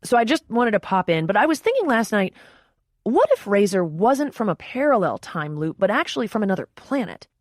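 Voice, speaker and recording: A woman voicing a booming, pushy male film producer who talks in a loud, breezy, casual way. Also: big pitch swings, brisk, no room sound, clean studio sound.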